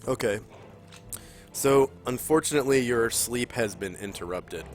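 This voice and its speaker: A man running a tabletop game as game master, describing scenes haltingly with many ums and pauses. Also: mid-range voice. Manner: halting, full of ums and throat-clearing.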